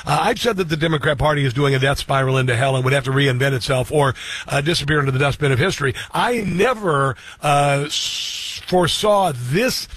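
A man hosting a talk radio show, indignant and prone to loud outbursts, in a casual back-and-forth with a co-host. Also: fairly high pitch, brisk, husky.

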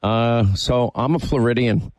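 A man's voice: mid-range voice, measured pace, darkish tone, no echo. A man hosting a radio talk show, chatting casually through a live ad read with frequent fillers.

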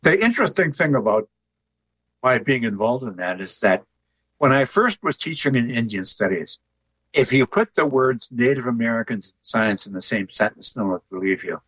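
An older man, an author and artist, telling stories in a relaxed, folksy interview. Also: medium pitch, moderate pace, husky, no echo, rough recording. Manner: folksy, tells jokes with put-on voices.

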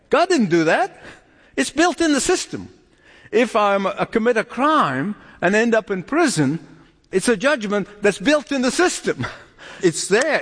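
A man's voice: high voice, big-room sound. A man preaching a sermon as pastor, emphatic, repeating key phrases and chuckling between points.

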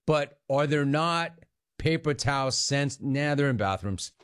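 A radio talk show host speaks a little slowly in an animated voice that's on the high side, fairly bright, clear, and resonant. He takes callers with a playful, jokey, sing-song style.

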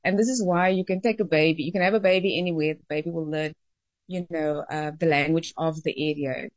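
A woman who teaches linguistics answers questions on talk radio in a lowish voice. She explains things in a friendly way, with fillers and small pauses, and the sound is dry and close. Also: steady tone, no echo. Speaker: linguistics professor, guest. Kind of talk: radio interview.

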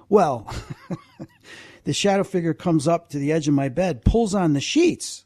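A man who is a guest, telling animated anecdotes with frequent asides in a conversation. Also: mid-range voice, moderate pace, no room sound. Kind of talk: storytelling in a conversation.

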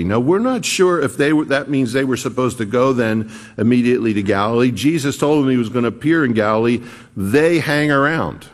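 A man preaching a sermon, retelling scripture slowly and earnestly with frequent restarts. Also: mid-range voice, expressive. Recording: long hall reverb.

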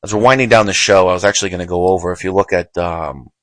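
A man's voice: low voice, fast talker, a bit bright, no echo, rough recording. A man hosting a show, giving heated, emphatic political commentary with frequent repetition. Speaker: show host.

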